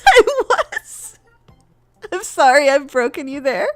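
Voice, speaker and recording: A woman's voice: sits high, big pitch swings, takes it slowly, soft background music. A woman from the American South, chatting casually as a stream guest, blunt and laughing often. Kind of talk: casual chat.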